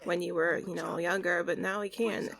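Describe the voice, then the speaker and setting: Read him quietly, as a woman voicing a grieving young man from a life-sim game: gentle, subdued, pausing between words as though the feelings are hard to get out. Keep the voice close to your own; don't push it deeper. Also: fairly even intonation, vocal fry, a crowd in the background. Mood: warm.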